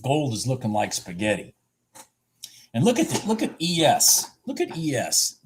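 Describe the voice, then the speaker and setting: A man giving excited live commentary on futures trades, exclaiming and repeating himself, with a husky voice. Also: on the high side, moderate pace, slight background noise.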